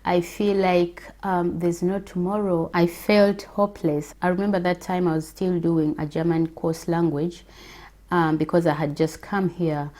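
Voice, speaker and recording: A woman from Africa and a mother, telling her personal faith testimony in a slow, reflective way with hesitant pauses. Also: on the low side, dark tone. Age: adult with children.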